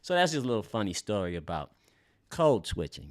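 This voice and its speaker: A man with a deep, low voice hosts a relaxed podcast. He is middle-aged and from Los Angeles, and he talks in an easygoing, slangy way, full of fillers and casual swearing, as if chatting with friends. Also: a little fast, no echo, clean studio sound. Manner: laid-back and loose, heavy on fillers and slang, swears freely. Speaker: podcast host.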